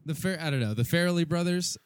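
A man's voice: on the high side, quick pace, smooth, no echo. A man co-hosting a podcast, rambling through crude, self-mocking anecdotes in casual chat. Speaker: podcast co-host.

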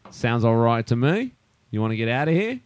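A man co-hosting a casual comedy podcast, halting through stories with fillers and quick laughs. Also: medium pitch, sing-song, slight background noise. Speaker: podcast co-host.

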